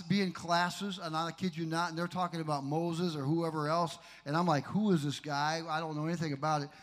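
A man pastor introducing his mentor in a candid, storytelling way with emphatic bursts. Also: fairly high pitch. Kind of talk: sermon introduction.

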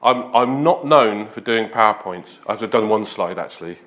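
A man's voice: lowish voice, expressive, moderate pace, a bit bright. A man preaching a conversational sermon after an opening prayer, informal and repeating himself often. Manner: informal, repeats "Lord" and "just", restarts.

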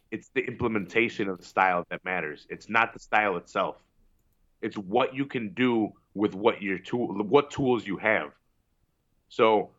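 A man hosting a podcast in casual chat, giving loud, opinionated, profane rants. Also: on the low side, dull audio. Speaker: podcast host.

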